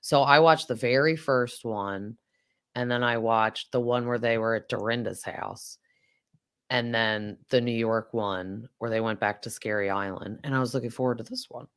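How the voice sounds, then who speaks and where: A woman in her thirties hosting a casual chat, animated, laughing often and jumping into high-pitched impressions. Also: moderate pace, smooth. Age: 30s. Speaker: podcast host.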